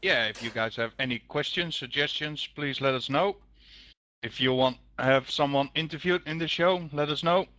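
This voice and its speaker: A man's voice: fairly high pitch, moderate pace, pushed and bright, dry recording. A man co-hosting a casual gaming podcast, easygoing and agreeable. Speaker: podcast co-host. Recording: dull lo-fi mic.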